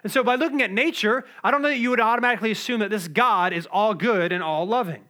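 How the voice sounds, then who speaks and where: A young man gives a sermon in an easygoing, conversational manner, tossing in asides and filler words as he goes. His voice sits high and sounds bright and forceful. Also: fast. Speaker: pastor.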